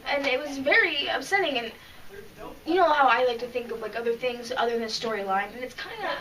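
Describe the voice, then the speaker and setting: A woman with a high, bright voice chats eagerly about her reading, getting emotional and tripping over her sentences. She sits some distance from the microphone, so she sounds slightly far off. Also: lively intonation, brisk, a little hiss or hum. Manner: chatty and emotional, with frequent restarts. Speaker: podcast co-host. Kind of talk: casual chat reviewing comics.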